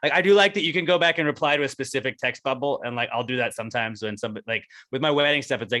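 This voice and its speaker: A man co-hosting a podcast, telling jokey stories in a casual, animated way. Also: mid-range voice, fast, few pauses, dry recording. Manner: joking, animated storyteller. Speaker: podcast co-host. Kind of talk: casual chat.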